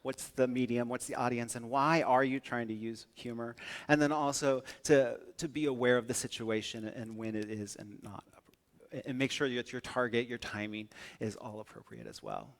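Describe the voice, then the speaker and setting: A young man from the northern United States giving a humorous keynote talk, with a playful, energetic, jokey delivery. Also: medium pitch, moderate pace. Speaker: conference speaker.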